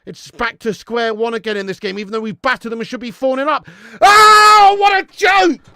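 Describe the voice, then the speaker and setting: Excitable sweary football streamer. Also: male voice, very high voice, quick pace, vocal fry, clean tone, no echo, clean studio sound. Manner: excitable, sweary, shouts at the screen; reads out and answers viewer chat. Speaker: watch-along streamer host. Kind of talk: live football watch-along commentary.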